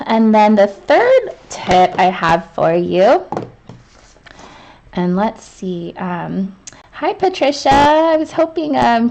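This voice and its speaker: Demonstrating while writing, a calligraphy instructor leads a live online lesson in a mid-range, somewhat mellow voice. She chats as she goes, thinking out loud and filling her speech with fillers and restarts.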